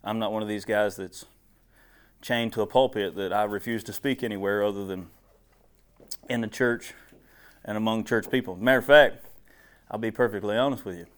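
A man's voice: lowish voice, fairly even intonation, moderate pace, pauses often, clean tone. A man preaching casually to a small group in a meeting room, joking and folksy, chatty, recorded on a clip-on wire mic.

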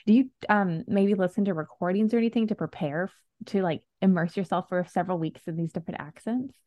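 A woman's voice: on the low side, quick pace, warm tone, no room sound. A woman hosting a podcast interview, bubbly and giggly, peppering her questions with "like". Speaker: podcast host. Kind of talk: casual interview chat.

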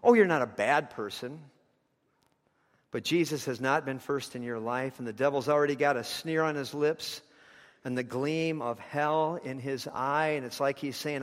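A man's voice: mid-range voice, moderate pace, in a large hall. A man preaching a sermon, telling a story with passion, his intensity rising and falling.

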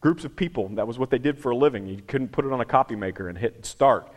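A man's voice: medium pitch, quick pace. A man preaching a sermon in a conversational, emphatic way, repeating phrases for effect. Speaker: pastor.

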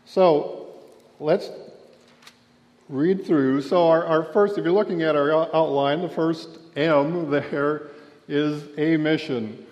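A man delivers a slow, storytelling sermon in a fairly high voice, acting out the quotes in it. The sound is dull and lo-fi. His words ring out with the long reverb of a church sanctuary. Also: steady tone, darkish tone. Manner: storytelling, acts out quotes with raised voice. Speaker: pastor.

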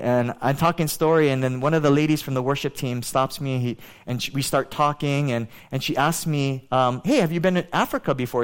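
A man preaching a sermon, telling a story in a chatty, animated way with many fillers. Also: a little high, clear, resonant tone. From Hawaii. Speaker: pastor.

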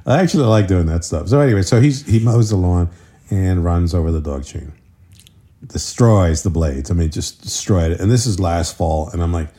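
A middle-aged married man chatting casually on a podcast, rambling through stories and leaping up in pitch when he quotes others. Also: a little fast, mellow. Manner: rambling storyteller, jumps pitch for quoted voices. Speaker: podcast co-host. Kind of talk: casual chat.

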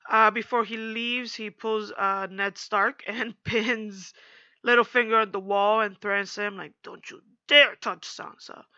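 A young woman chatting casually in a slangy, animated recap, acting out quotes as she goes. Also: medium pitch, measured pace, no echo, dull audio.

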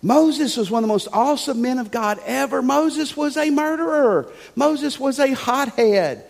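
A man delivers a sermon in a notably high voice, emphatic and conversational. He leans on rhetorical questions to draw the congregation in. A long reverb from the church hall trails his words. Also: expressive, normal speed, gravelly. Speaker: pastor. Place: church sanctuary.

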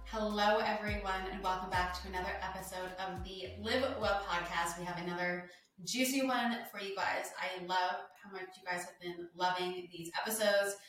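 A woman's voice: mid-range voice, fairly even intonation, moderate pace, a bit bright, recorded from a distance, faint music behind. Chatty woman podcaster in an echoey room. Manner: casual and emphatic, many "like" fillers. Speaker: podcast host. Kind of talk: solo wellness podcast talk.

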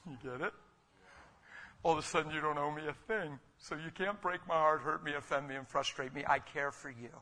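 A middle-aged male preacher with a fairly high, bright, forceful tone. He preaches with fervor, dropping to near-whispered asides before surging into loud, emphatic declarations. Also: fairly quick. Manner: fervent, swinging from quiet to loud emphatic bursts. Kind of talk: sermon.

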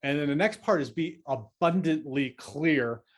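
A man's voice: a little high, unhurried. A man hosting an advice podcast, speaking earnestly and reassuringly, with many fillers and restarts. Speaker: podcast host.

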